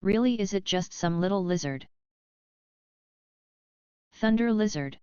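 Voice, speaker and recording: A woman's voice: medium pitch, lively intonation, measured pace, darkish tone, clean tone, no room sound, highs cut off. A woman livestreamer chatting casually and offhandedly with her viewers, cursing now and then.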